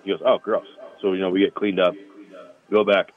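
A man's voice: deep voice, little pitch movement, fast talker. A former college football lineman telling rambling stories over the phone, laughing as he goes. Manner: rambling, laughs through anecdotes. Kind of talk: casual storytelling. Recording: tinny phone line.

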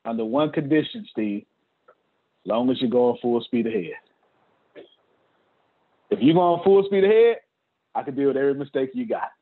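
A man's voice: medium pitch, husky. A man leading a team meeting on a video call, talking emphatically in casual slang and repeating his points. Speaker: business leader hosting a team meeting. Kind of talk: motivational talk on a video call. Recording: tinny phone-like call audio.

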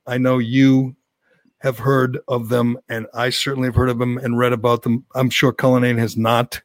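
A middle-aged man, co-hosting political talk radio in a blunt, opinionated, halting way. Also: mid-range voice, creaky, dry recording. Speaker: radio co-host.

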